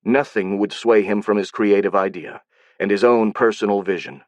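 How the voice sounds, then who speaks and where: A man reading an audiobook in a steady, even scripted narration. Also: lowish voice, normal speed, no echo.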